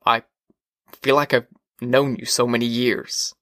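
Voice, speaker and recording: A man voicing an uneasy, brooding fireman in an audiobook reading, hesitant and quiet. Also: mid-range voice, flat delivery, unhurried, no room sound, studio quality, close to an everyday voice. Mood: wistful.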